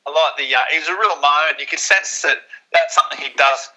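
A man's voice: a little high, fairly quick, bright, forceful tone, rough recording. A man co-hosting a podcast with laid-back, wry banter and casual swearing. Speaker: podcast co-host.

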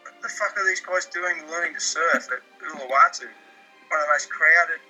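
A man's voice: on the high side, normal speed, bright, forceful tone, soft background music, rough recording. A man telling a rambling, exasperated complaint story, swearing freely. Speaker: caller with a complaint. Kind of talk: casual storytelling rant.

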